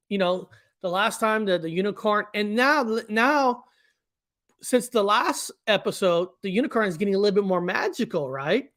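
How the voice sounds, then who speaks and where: A man's voice: high voice, fairly bright tone. A man hosting and explaining his own cartoon, speaking in a rambling way with frequent restarts. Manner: rambling, with many restarts and repeated words. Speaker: cartoon creator and host. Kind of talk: casual commentary.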